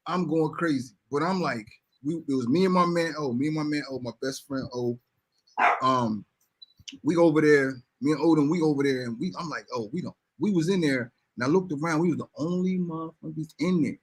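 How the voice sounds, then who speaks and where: A man in his forties telling a story in casual chat, animated and acting out the voices of people in it. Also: fairly high pitch, a little fast, a little hiss or hum. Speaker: storyteller on a podcast.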